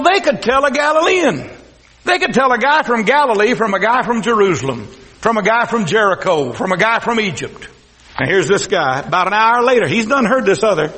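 Brief: Texas-accented male pastor, folksy sermon, high voice, long hall reverb. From South Texas. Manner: folksy preaching, swings from loud to hushed.

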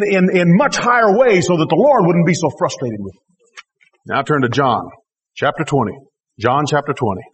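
A man's voice: sits high, in a large hall. A man preaching a sermon, reading scripture aloud and then exhorting animatedly with emphatic rhetorical questions. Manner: animated, rising to emphatic exclamations.

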